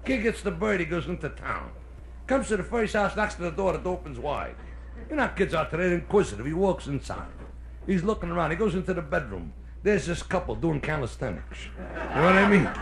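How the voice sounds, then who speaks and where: Brash Brooklyn comedian with gravelly voice. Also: male voice, fairly high pitch, very animated. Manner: brash storyteller doing quick character voices. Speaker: stand-up comedian. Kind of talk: live stand-up joke telling. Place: hotel nightclub stage. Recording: live club recording with faint noise. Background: audience laughter.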